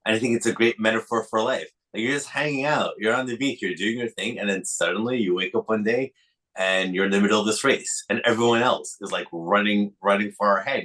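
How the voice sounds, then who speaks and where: A man's voice: on the low side, brisk, a bit bright, rough recording. A man hosting a casual chat, musing aloud in a reflective way.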